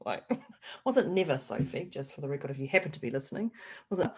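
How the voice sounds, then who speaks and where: A middle-aged woman co-hosting a casual podcast chat, animated and laughing often as she acts out quoted voices. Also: medium pitch, normal speed, long pauses. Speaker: podcast co-host.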